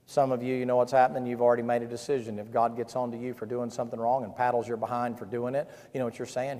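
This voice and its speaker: A man's voice: medium pitch, little pitch movement, fast talker, hardly any pauses, warm tone. A male pastor, preaching a sermon with emphatic, repeated phrases. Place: camp-meeting hall. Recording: reverberant hall.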